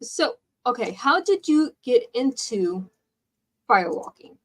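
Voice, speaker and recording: A woman's voice: a little high, big pitch swings, a little slow. Woman hosting an interview. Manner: brief reactions, short questions. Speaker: radio show host. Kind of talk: interview chat.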